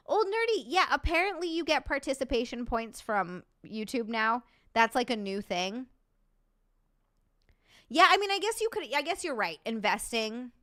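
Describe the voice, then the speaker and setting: Thanking viewers by name and swearing freely, a woman hosts a laid-back live-chat stream full of animated, sarcastic jokes. She speaks at a moderate pace with a fairly high pitch.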